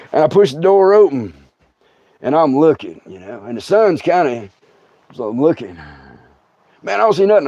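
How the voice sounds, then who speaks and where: A middle-aged man telling a story in a casual, drawling way, often dropping to a hush and acting out the sounds. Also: fairly high pitch, no room sound. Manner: drawling, hushed, acts out sounds. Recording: dull lo-fi dry sound.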